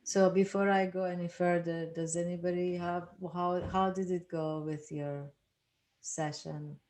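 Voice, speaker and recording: Slow, unhurried woman leading a workshop. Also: fairly low pitch, flat delivery. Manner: gentle, unhurried, repeating phrases. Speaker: workshop leader. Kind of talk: guiding a grief workshop.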